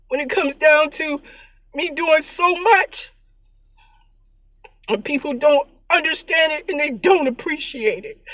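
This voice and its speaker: High-voiced tearful woman vlogger. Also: a bit bright, no room sound. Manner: earnest, preachy and repetitive. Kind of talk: emotional spiritual vlog monologue.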